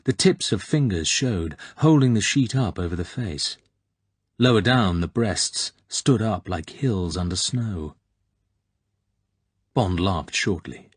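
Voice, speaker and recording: A man reading a novel aloud in measured scripted narration. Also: low voice, animated, husky, dry recording. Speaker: audiobook narrator.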